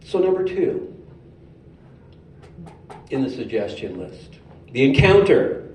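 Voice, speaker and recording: A man giving a sermon in a storytelling way, animated and humorous. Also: medium pitch, takes it slowly. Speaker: speaker at a spiritual center. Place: hall of a spiritual center. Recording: roomy hall, distant mic, faint noise.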